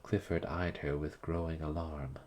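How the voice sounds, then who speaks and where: A man reading a classic story aloud in measured, even narration. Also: extremely low pitch, slight background noise. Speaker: reader.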